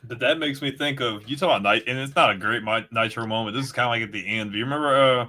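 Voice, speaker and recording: A man in casual chat, excitable and full of mild slang while recalling moments. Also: mid-range voice, quick pace.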